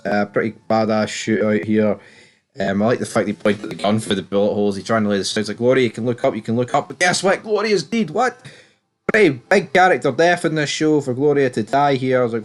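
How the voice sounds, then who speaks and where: A young British man giving a casual, opinionated recap of a TV episode, swearing freely and jumping up in pitch when he exclaims. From Britain. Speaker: TV show reviewer. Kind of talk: casual spoken recap and commentary.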